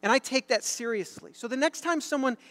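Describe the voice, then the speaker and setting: A middle-aged man preaching a sermon, telling a story and building to loud, emphatic bursts. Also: extremely high pitch, fairly quick. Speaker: pastor. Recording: long hall reverb.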